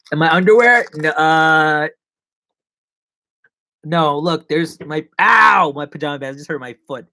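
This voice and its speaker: A man's voice: on the high side, lively intonation, unhurried, gravelly, long pauses, pushed and bright, a little hiss or hum. A man hosting a casual live stream, rambling and joking as he chats to viewers from his seat at home. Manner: rambling, playful and jokey. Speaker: livestream host. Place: seated at home.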